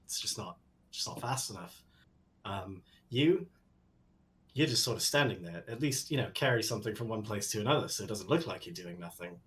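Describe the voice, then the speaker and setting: A man playing a blunt male mechanic who bosses workers around, speaking haltingly with laughing asides. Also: on the low side, animated, a bit bright. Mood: bossy.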